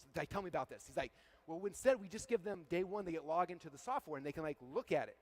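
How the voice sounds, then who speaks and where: A man's voice: on the high side, racing. A man giving a live keynote on stage to an event audience, telling a story and acting out the dialogue. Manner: energetic storyteller, acts out quoted dialogue. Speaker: keynote speaker.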